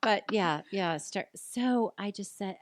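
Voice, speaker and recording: A woman in her forties telling a personal story in a casual podcast chat, animated and laughing, acting out what people said. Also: mid-range voice, slow, dry recording. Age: 40s. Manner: animated, laughing, acts out quoted voices. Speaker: guest.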